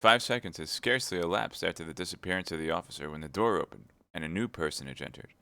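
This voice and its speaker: A man reading a novel aloud with steady, plain narration. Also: sits low, fast, clear, resonant tone. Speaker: audiobook reader.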